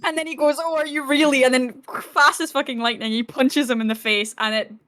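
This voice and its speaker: A woman with a fairly high voice chats casually on a podcast. She retells film scenes with excitement, swears freely and acts out the characters' lines. Her talk is loose and full of "like". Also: brisk, clean tone. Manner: animated retelling, acting out quotes, swearing. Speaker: podcast co-host.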